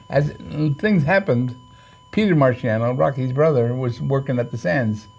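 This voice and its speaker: Creaky and darkish, his mid-range voice moves at a normal speed. He's an older boxing trainer and manager recounting long, meandering interview stories, packed with fillers and false starts, voicing the quotes himself.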